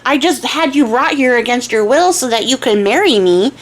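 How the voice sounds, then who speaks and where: A woman's voice: high voice, animated, normal speed, pitched above the performer's own voice. A woman voicing an old, demanding, boastful king who rambles and gushes in casual modern slang. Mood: gushing.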